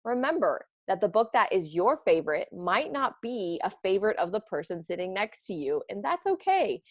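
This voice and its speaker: Animated woman teaching young kids. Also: medium pitch, normal speed, dry recording, studio quality. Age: adult, parent of children. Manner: animated, expressive, bursts of excitement. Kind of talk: read-aloud lesson for children.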